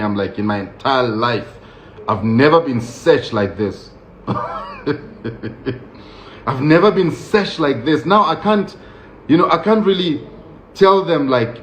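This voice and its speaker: A man's voice: mid-range voice, expressive, unhurried, slight background noise. A man from Nigeria telling his own story in casual talk. He laughs often and acts out the voices of other people. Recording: roomy, slightly dull sound.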